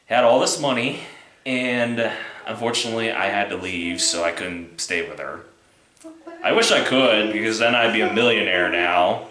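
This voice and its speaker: A man hosting a casual question-and-answer chat, telling a personal story in a relaxed way and laughing often. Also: on the low side, roomy sound. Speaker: show host reading viewer questions.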